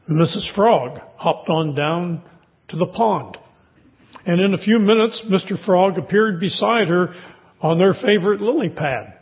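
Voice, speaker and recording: A man preaching a sermon, reading scripture and telling stories in a measured way. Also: sits high, animated. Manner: measured storytelling delivery. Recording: tinny phone-like sound.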